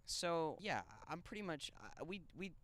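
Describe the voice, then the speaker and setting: Animated young man telling a story. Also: a little high, moderate pace. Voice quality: crude, joking banter. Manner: animated, swings from loud to mumbled asides. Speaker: podcast co-host. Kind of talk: casual storytelling chat.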